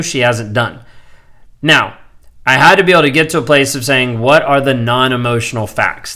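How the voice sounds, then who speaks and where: A man's voice: mid-range voice, pushed and bright. A man in his thirties hosting a solo podcast, talking candidly and rambling with lots of filler words. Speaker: podcast host. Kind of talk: casual solo podcast monologue.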